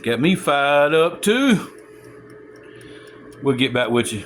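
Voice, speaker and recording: A man, casually narrating a home cooking video and chatting straight to viewers with excited whoops. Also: medium pitch, slow pace, long pauses, a little hiss or hum. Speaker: home cook showing a recipe. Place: home kitchen.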